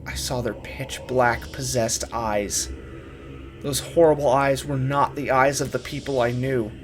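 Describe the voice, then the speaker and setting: A man narrating a first-person horror story, dramatic and urgent in his telling. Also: mid-range voice.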